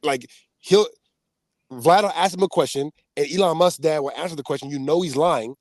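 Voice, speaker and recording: A man talking casually on a podcast, his voice sitting a little high and jumping far higher when he gets excited. He tells stories in an animated way and laughs often. The sound is dry and close, with no room around him. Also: normal speed, dry recording. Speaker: podcast co-host. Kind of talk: casual chat.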